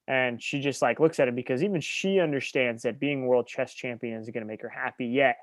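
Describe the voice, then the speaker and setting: A man's voice: medium pitch, moderate pace, few pauses, no room sound. A man co-hosting a casual podcast chat, talking eagerly and gushing about what he loves. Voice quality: enthusiastic, gushing. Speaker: podcast co-host.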